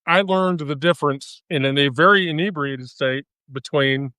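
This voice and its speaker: Animated, profane woman hosting a live stream. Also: low-pitched, normal speed, no echo. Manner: animated, profane, laughs often. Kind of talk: casual storytelling chat.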